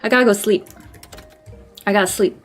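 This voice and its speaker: A woman's voice: mid-range voice, normal speed, faint music behind. A woman streaming a game, chatting casually, swearing and laughing at herself. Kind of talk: casual gameplay commentary.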